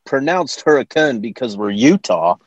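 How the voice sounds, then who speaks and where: A man co-hosting a sports podcast, chatting casually and often pausing to search for words. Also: fairly low pitch, animated, dry recording, highs cut off. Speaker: podcast co-host.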